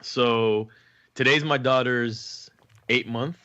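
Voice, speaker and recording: A man's voice: mid-range voice, fairly even intonation, takes it slowly, pushed and bright, dull audio. A young man co-hosting a casual podcast, chatting in a laid-back way about his baby daughter and laughing easily. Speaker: podcast co-host. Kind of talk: casual chat.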